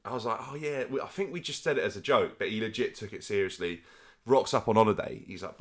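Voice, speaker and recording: A man's voice: lowish voice, expressive, fairly quick. A young man, chatting casually and laddishly as a podcast co-host. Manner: laddish, bursts into laughter. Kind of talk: casual chat.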